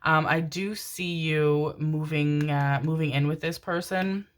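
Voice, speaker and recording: A woman's voice: deep voice, fairly even intonation, a little slow. A woman doing a pick-a-card tarot reading, gushing and affectionate, calling listeners her darlings and rambling with many fillers. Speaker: tarot reader.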